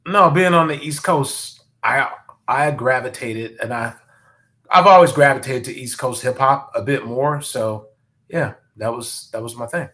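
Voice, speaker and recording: A man co-hosting a podcast in casual chat, laid-back and quick to agree emphatically. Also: medium pitch, sharp tone. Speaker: podcast co-host.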